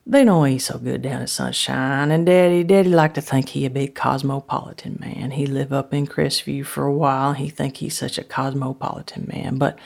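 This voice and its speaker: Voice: mid-range voice, creaky, darkish tone. A performer playing a rambling woman in a comic monologue, drifting between chatter and whispers. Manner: rambling, many restarts, drops into whispers. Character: homespun rural Southern woman, gossipy, rambling.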